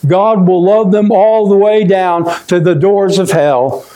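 A man preaching a sermon in a folksy way, often saying "my friend" and dropping his voice low and quiet when he is moved. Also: steady tone, measured pace, rough recording. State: choked up.

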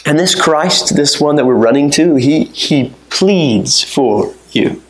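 Guy preaching a sermon, gets worked up and urgent, roomy echo around him. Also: lively intonation. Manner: impassioned, swings from low and measured to high and urgent.

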